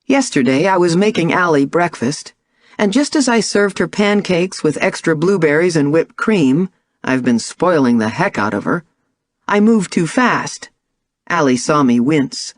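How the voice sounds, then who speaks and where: A woman narrating a first-person audiobook in a measured, expressive way. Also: low-pitched, no room sound, studio quality.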